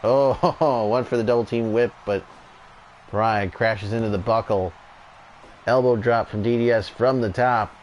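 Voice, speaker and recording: A man doing relaxed, chatty play-by-play commentary over a wrestling video game, going off on tangents now and then. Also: mid-range voice, unhurried, slight background noise.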